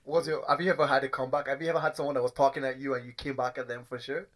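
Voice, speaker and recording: Rambling, animated podcast co-host man. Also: medium pitch, racing. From Africa. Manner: animated, rambling questions, full of "like". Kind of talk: casual podcast chat.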